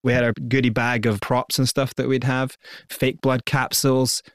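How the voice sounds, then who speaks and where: A Scottish man, a guest in an interview, telling his story in a lively way and acting out quoted lines. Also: mid-range voice, normal speed, no echo. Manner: lively, animated storyteller who acts out quotes.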